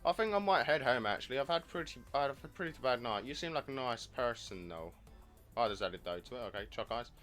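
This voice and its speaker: A man reading the lines of a shy, nerdy young woman in a dating game, softly and hesitantly. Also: mid-range voice, lively intonation, fast, faint music behind, close to an everyday voice. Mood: apologetic.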